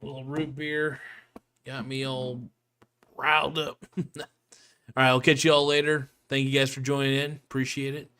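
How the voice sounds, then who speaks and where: A man's voice: medium pitch, level tone, moderate pace, long pauses, pushed and bright, clear, resonant tone. A man hosting a casual live stream, talking in a laid-back, joking and rambling way, swearing now and then.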